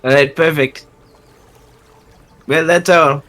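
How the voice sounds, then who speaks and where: A man playing a character in a tabletop game, cocky and joking, quick to laugh. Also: fairly high pitch, fairly even intonation, fairly bright tone, soft background music. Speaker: player.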